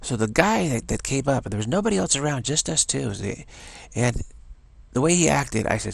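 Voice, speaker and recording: A man's voice: mid-range voice, expressive, fairly quick, creaky, dry recording. A man telling a rambling, enthusiastic story in a casual monologue, often restarting his sentences.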